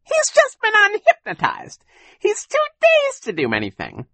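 A man doing a shrill, fake-high villain in disguise. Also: wildly swooping pitch, sharp tone, no echo, heavily acted. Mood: mocking. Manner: ridiculously fake high voice, slow and gloating. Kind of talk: audiobook character voice.

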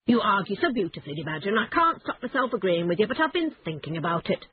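A woman voicing a boastful, excitable male toad in a storybook reading, high and gushing. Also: quick pace, slightly rough, no echo, narrow, tinny audio.

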